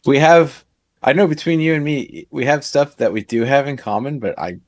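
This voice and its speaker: A man's voice: mid-range voice, normal speed. A young man co-hosting a podcast in casual chat, easygoing and full of short reactions. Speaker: podcast co-host.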